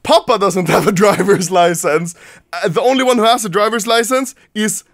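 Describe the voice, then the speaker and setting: A man's voice: sits high, normal speed, no echo, studio quality. A man casually telling a story to camera, laughing often and swearing freely.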